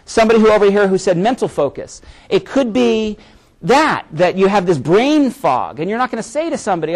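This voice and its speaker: A man's voice: high voice, very animated, brisk. A man giving a live presentation to an audience, speaking conversationally and often checking in with "right?" as he explains. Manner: conversational, frequent "right?" tag questions; repeats words when restarting.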